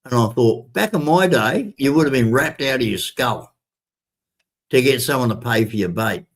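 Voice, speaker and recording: An older man spinning a casual yarn to camera. His voice sits at an ordinary middle pitch, and he keeps circling back and repeating himself as he talks. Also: expressive, normal speed. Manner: chatty, repetitive, addresses viewers as ladies and gentlemen. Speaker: vlogger.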